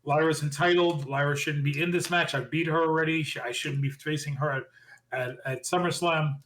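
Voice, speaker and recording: A man co-hosting a podcast, casually recapping wrestling shows with animated opinions. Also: on the high side, rough recording. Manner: animated, quick recapping with impressions of quotes. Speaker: podcast co-host.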